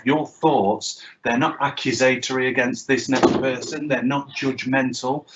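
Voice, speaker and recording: Sex: man. Role: guest speaker. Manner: measured, halting, many ums. Pitch: mid. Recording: muffled lo-fi online audio. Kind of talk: answering audience question.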